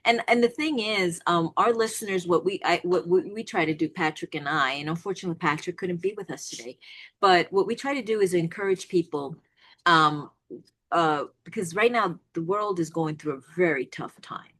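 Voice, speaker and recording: A woman hosting a podcast conversation in a somewhat low voice. She circles into her questions with repeated restarts and long setups. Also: normal speed. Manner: stammering restarts, warm encouraging asides. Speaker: podcast host. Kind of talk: casual interview hosting.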